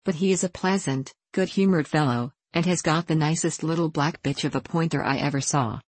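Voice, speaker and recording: A woman's voice: low voice, fairly quick, a little mellow, husky, dry recording. A woman voicing a hearty, blunt middle-aged country squire in a novel reading, bluff and jovial.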